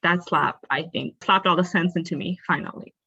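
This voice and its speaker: Candid and earnest, this young woman from a Bengali family background tells personal stories as a podcast guest, filling her speech with "like" and "you know." Her lowish voice carries vocal fry and a bright, forceful tone at a moderate pace, though the audio is dull.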